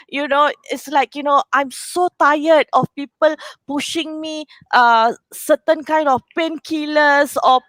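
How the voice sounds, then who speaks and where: A Singaporean woman with a high voice talks as a guest in a casual chat. She speaks in an emotional, heartfelt way, leaning on "you know" again and again. The sound is close and dry. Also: moderate pace, hardly any pauses, a bit bright, no echo, low-quality recording. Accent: Singaporean English.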